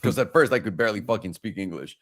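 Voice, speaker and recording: A man's voice: on the low side, lively intonation, quick pace, fairly bright tone. Joking, crude man hosting a trading talk. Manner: loose, profane, joking. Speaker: co-host, trading educator. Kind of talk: casual chat and chart walkthrough.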